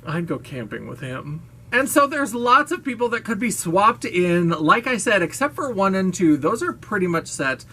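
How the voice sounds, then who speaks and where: A woman's voice: mid-range voice, very animated, normal speed, pushed and bright, breathy edge. A woman vlogger talking casually to camera, gushing, playful and frank, with the odd swear word and laugh.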